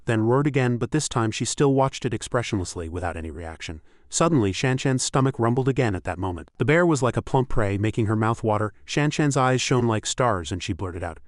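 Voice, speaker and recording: A man narrating a fantasy romance story recap in a steady, scripted reading. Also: mid-range voice, dry recording, clean studio sound.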